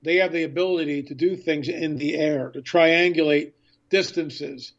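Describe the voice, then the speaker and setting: Excited man telling a story, muffled lo-fi. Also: fairly high pitch, moderate pace. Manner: excited storyteller who acts out past conversations. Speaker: author and filmmaker guest. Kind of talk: radio interview storytelling.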